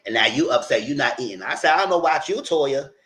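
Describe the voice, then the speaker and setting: A man's voice: medium pitch, animated, fast, fairly bright tone. Guy doing casual live recap talk, blunt and chatty, aave, normal mid voice. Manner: chatty, blunt, acts out what he told the cast. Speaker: commentary channel host. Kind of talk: casual livestream commentary.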